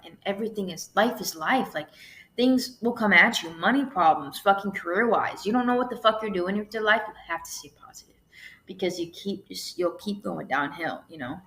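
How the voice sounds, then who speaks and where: A young woman talks on her solo podcast in a relaxed, rambling way, full of "like" and "you know" and casual swearing. Her voice sits a bit low but sounds bright and crisp. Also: normal speed. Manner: chatty, swears freely, lots of "like" and "you know". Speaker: podcast host.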